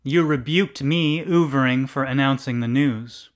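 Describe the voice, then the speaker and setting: A man reading a literary story aloud in a deliberate, deadpan narration. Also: medium pitch.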